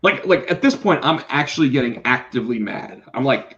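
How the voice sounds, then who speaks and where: A middle-aged man, a podcast co-host and comic book artist, telling a story in casual chat, animated, swearing and acting out what people said. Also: medium pitch, fairly quick, few pauses. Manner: animated, swears, acts out quotes. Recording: slightly dull lo-fi sound.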